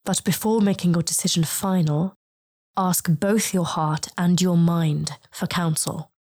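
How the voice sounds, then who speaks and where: A woman voicing a calm, solemn star being. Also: on the low side. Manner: slow, measured, soothing. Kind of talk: audiobook character reading.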